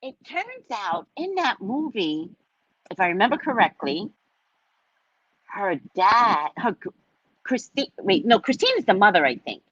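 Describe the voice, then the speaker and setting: Husky, animated woman chatting. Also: medium pitch, measured pace, pauses often, no room sound. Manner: animated, profane storytelling. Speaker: psychic reader and host. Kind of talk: casual livestream chat. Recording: dull lo-fi sound.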